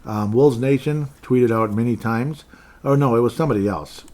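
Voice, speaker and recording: A man's voice: mid-range voice, normal speed, darkish tone. A man hosting a casual solo podcast, rambling along and reading out listener comments with a chuckle. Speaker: podcast host.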